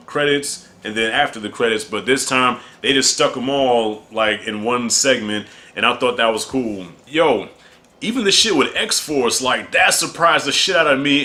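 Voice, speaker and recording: A man in his thirties talks through a movie review in a relaxed, slangy way, chuckling as he goes. His voice is bright and forceful, with an easy, conversational pace. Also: medium pitch. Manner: laid-back, slangy and chatty, often chuckling. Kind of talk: casual spoken movie review.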